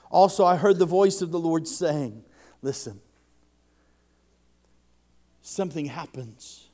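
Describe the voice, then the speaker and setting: A man's voice: on the high side, lively intonation, slow pace, long pauses, dark tone. A man preaching a sermon to a congregation, impassioned, often doubling the first word of a sentence as he builds. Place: church service before a congregation.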